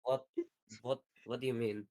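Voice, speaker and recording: A man's voice: mid-range voice, fairly even intonation, normal speed, a little mellow, lightly acted. A man playing a stiff, earnest male guardian of books in a tabletop game, speaking in a formal, literal-minded way. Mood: stern. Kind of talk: tabletop role-play.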